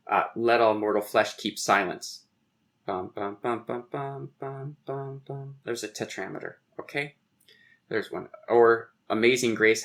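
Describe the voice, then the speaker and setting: A man's voice: mid-range voice, fairly bright tone. A man, a poet and guest on a podcast, explaining verse meter in conversation, tapping out rhythms aloud and reciting lines of poetry.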